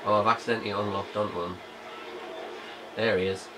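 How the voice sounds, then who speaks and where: A man's voice: lowish voice, steady tone, brisk, noisy background. A man casually commenting on his gameplay as a let's play host, jokey and playful, humming and muttering to himself.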